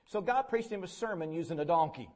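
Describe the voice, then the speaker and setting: A man's voice: fairly high pitch, lively intonation, fast. A man preaching a sermon, folksy and dramatic, acting out quoted figures. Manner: folksy, voices quoted figures, bursts into shouting.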